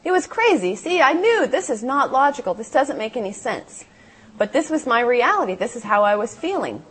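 Breathy woman giving an earnest testimony. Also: a little high, sing-song, normal speed, fairly bright tone, rough recording. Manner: earnest, heartfelt storytelling with quoted inner voices. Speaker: motivational speaker. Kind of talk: testimony talk to a live audience. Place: meeting hall with seated audience.

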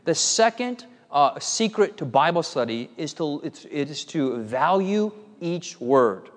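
A man preaching with a slightly high, very lively voice that swoops up and down. His words ring out with a long reverb from a large hall. He works the crowd playfully and keeps asking for an amen. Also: measured pace. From United States. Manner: animated, playful, asks the audience for amens. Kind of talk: sermon with storytelling.

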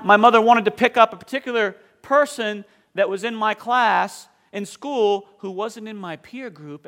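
A pastor from southern Maine, likely in his thirties, preaches a sermon in a voice that sits high and sounds a bit bright. He speaks earnestly, building intensity on his key points.

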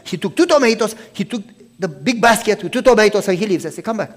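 A man preaching by telling a story, acting out each person's lines and dropping to a hush for tender moments. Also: sits high, fast. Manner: animated storytelling, acting out both sides of the talk; drops to a hushed, soft voice for tender moments. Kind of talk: sermon storytelling.

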